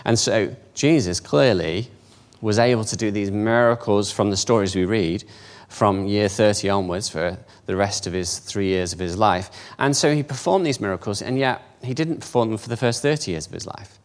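Fifty-something guy giving a chatty church talk, lowish voice, pokes fun at himself. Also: normal speed. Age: 50s. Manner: conversational and self-deprecating, asks the audience questions. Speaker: church speaker. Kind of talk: informal church talk to a congregation.

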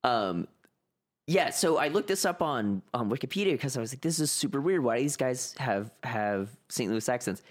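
A man's voice: mid-range voice, moderate pace. Rambling western new york guy. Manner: animated storytelling with filler words. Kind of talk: casual podcast chat.

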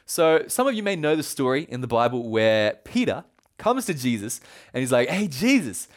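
A man's voice: mid-range voice, big pitch swings, normal speed. A man preaching a casual, humorous sermon as pastor, chatty and playful, laughing as he retells stories.

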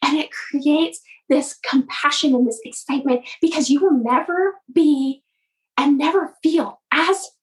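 A woman coach telling a motivational story in an animated way, often repeating her words. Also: sits high, a little slow, low-quality recording.

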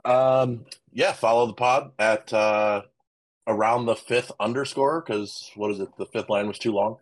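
A man's voice: lowish voice, fairly even intonation, a little slow. A man on a sports panel show, talking casually in a rambling, hesitant way. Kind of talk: casual chat.

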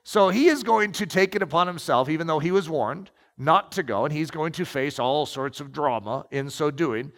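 A man's voice: fairly high pitch, normal speed, few pauses, fairly bright tone. A man preaching and reading aloud from a book, emphatic and storytelling. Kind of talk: sermon with read-aloud passages. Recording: long echoing reverb.

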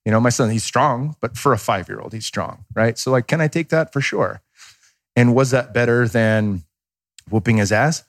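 A man's voice: medium pitch, moderate pace, dry recording, studio quality. A man in his thirties, a podcast guest talking casually and candidly, rambling and swearing freely as he acts out quotes. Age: 30s.

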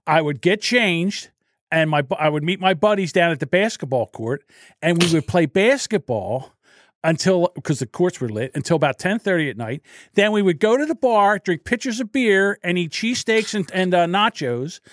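Animated South Jersey man, mocking and high. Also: normal speed, no echo, clean studio sound. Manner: animated, mocking, profane storyteller. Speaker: podcast co-host. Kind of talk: casual podcast banter.

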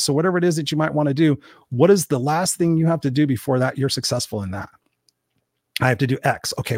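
A man hosting his own podcast, giving an energetic motivational solo talk in a coaching manner, casually swearing and acting out the voices of people he quotes. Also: medium pitch, no echo, studio quality. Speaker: podcast host.

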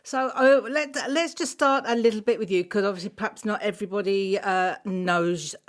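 A woman hosting an interview, asking friendly, halting questions and laughing easily. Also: mid-range voice. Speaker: podcast host. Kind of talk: interview conversation.

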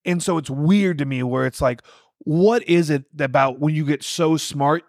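A man's voice: on the high side, normal speed, gravelly, a little mellow, no room sound, clean studio sound. A man hosting a podcast, musing aloud in an easygoing, agreeable way. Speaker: podcast host. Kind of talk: casual podcast chat.

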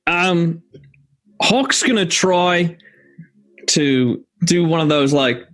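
A man playing in a tabletop role-playing game, hesitant and halting as he decides what to do. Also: a little high, fairly bright tone, slight background noise. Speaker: player. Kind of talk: casual tabletop game play.

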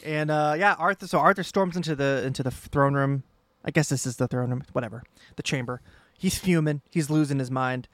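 A man with a fairly high voice co-hosts a podcast and recaps an episode in relaxed chat. He jokes, laughs a lot and hesitates with frequent ums. His voice sits close and dry on the mic. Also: fairly quick, no room sound. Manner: jokey, laughs often, hesitant with many ums. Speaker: podcast co-host.

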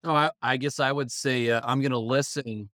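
A man's voice: medium pitch, steady tone, moderate pace, a bit bright, dry recording, studio quality. A man in a seminar audience answering a question hesitantly and thoughtfully. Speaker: seminar participant.

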